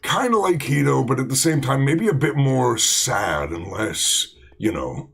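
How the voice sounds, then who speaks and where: A man talking slowly through a gaming session, his voice husky and gravelly. His pitch swings up and down a lot as he wanders between thoughts, restarting sentences and piling on fillers. Faint music plays underneath. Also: sing-song, fairly bright tone. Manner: rambling, full of fillers and restarts. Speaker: let's play host. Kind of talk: casual gaming commentary.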